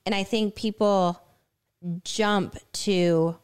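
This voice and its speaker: A woman's voice: medium pitch, unhurried, clear, resonant tone. A woman co-hosting a casual reaction chat, talking earnestly and reflectively. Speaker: co-host reacting to a clip.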